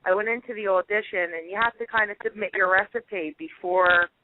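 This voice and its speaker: A woman with a Philadelphia accent, a home cook telling lively stories as a radio guest, laughing often and filling her talk with "you know" and "like.". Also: mid-range voice, fairly quick, background noise. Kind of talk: phone-in radio interview. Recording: tinny phone line.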